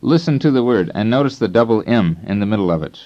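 A man narrating a scripted language lesson as instructor, in a calm, measured teaching tone. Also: on the low side. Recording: dull lo-fi tape recording.

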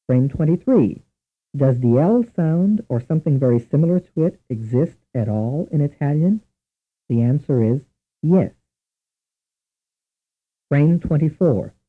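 Male instructor, husky, deliberate narration with a lively pitch for a tinny old taped language course. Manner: measured, deliberate, spells out each question and answer. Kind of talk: scripted language lesson narration. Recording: tinny lo-fi old tape recording.

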